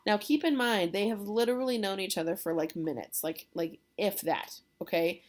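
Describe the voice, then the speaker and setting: A woman's voice: mid-range voice, moderate pace, few pauses. Casual woman teacher explaining a play. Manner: casual, chatty, checks in with "okay?". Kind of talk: classroom lesson explaining a play.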